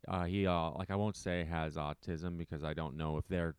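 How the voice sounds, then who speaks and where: A man's voice: sits low, fairly even intonation, normal speed, clear, resonant tone, dry recording. A man chatting casually on a podcast, self-deprecating and emphatic, often repeating his points. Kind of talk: casual chat.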